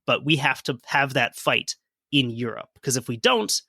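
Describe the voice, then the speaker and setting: Bright-voiced man on a history podcast. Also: mid-range voice, animated, normal speed, vocal fry, no echo. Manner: reads sources aloud, dry jokes. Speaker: podcast co-host. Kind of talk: history podcast narration and chat.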